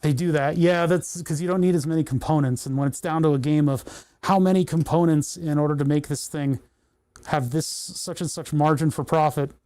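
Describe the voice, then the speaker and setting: A man's voice: fairly high pitch, fairly even intonation, normal speed, warm tone. A man chatting casually on a livestream while he solders, thinking aloud and talking to the parts in his hands. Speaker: electronics livestreamer.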